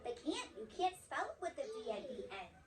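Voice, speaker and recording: A woman's voice: high voice, big pitch swings, brisk, distant mic. A woman teaching a kindergarten phonics lesson, leading call-and-response drills and playfully building suspense to hold the children's attention. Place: classroom.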